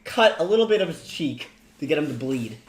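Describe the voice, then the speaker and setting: A man's voice: fairly high pitch, very animated, brisk, a little hiss or hum. A man playing a tabletop role-playing game in casual chat, intense, swearing and laughing often. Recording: roomy echo.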